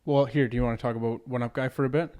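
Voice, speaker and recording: A man's voice: medium pitch, fairly even intonation, racing, a little mellow, a little hiss or hum. Laid-back man with dry one-liners. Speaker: podcast co-host. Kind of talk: casual podcast banter.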